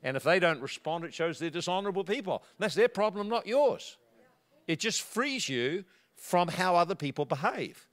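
Speaking at normal speed in an animated way, a man delivers a sermon through a personal anecdote. He acts out the quotes, his voice leaping in pitch and loudness.

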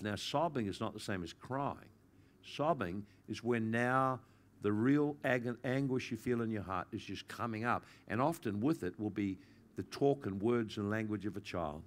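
A man's voice: lowish voice, moderate pace. Earnest man preaching a pastoral sermon. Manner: earnest and pastoral, rising to intensity then softening. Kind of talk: sermon teaching.

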